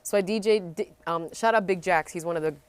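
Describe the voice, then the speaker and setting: A woman from Vancouver, Canada, chatting candidly as a podcast guest and telling animated stories peppered with swearing. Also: lowish voice, brisk, clear, resonant tone. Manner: candid, animated storyteller with frequent profanity. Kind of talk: casual chat.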